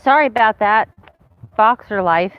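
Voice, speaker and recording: A woman's voice: mid-range voice, lively intonation, measured pace, narrow, tinny audio. A woman in her fifties talking candidly to her viewers in a casual, rambling vlog. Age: 50s. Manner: candid and rambling, with many restarts. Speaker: vlogger. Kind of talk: casual chat to camera.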